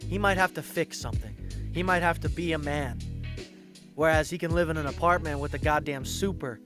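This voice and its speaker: A man talks over a clear music bed, his voice sitting a little higher than most men's. He delivers mocking reaction commentary, blunt and crude in his put-downs. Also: fairly quick.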